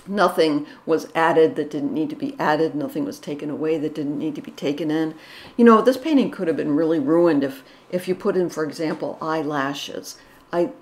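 A middle-aged woman giving casual, enthusiastic commentary on paintings, with frequent restarts and gushing praise. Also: low-pitched. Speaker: art commentary vlogger.

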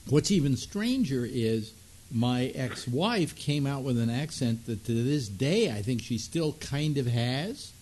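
Lively rambling male talk host. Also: mid-range voice, a little slow. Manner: rambling and conversational with many fillers. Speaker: radio talk show host. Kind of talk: casual chat.

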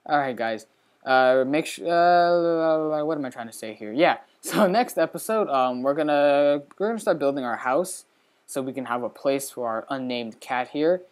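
A man hosting a let's play, giving casual, excitable gameplay commentary at his computer, chatty and breaking into sudden high squeals. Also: normal speed.

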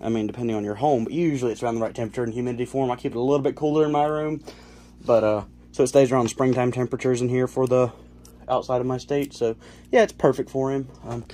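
A man's voice: mid-range voice, fairly even intonation, fast talker, dark tone. Rambling young man filming a home build. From South Carolina. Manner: rambling, self-correcting, lots of fillers. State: slightly out of breath. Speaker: reptile keeper vlogger. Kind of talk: casual home-build tutorial. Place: cluttered bedroom at home.

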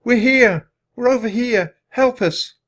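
A man voicing an eager, brave young girl in a storybook reading, with high, excited calls. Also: normal speed, lightly acted.

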